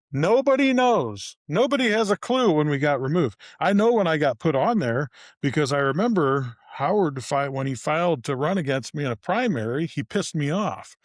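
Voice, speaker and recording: A middle-aged man, co-hosting a podcast and ranting about local politics in a profane, animated way. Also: no room sound, clean studio sound. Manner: profane, animated storytelling with sudden pitch jumps. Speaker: podcast co-host. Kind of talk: casual ranting chat. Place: studio.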